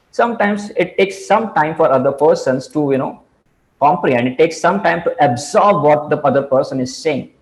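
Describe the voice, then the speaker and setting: Halting man lecturing, fairly high voice. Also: a little mellow, rough recording. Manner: halting, many "you know" fillers and restarts. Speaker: speaker on communication skills.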